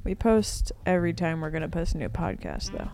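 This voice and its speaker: A woman's voice: fairly low pitch, big pitch swings, fairly quick, mellow, faint music behind. A woman co-hosting a casual podcast chat, dry and teasing in manner. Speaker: podcast co-host.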